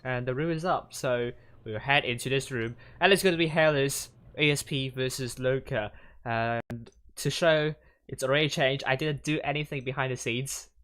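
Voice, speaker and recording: A man casting a live esports stream, talking in a rambling, halting way with frequent fillers and restarts. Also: mid-range voice, fairly bright tone. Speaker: stream caster.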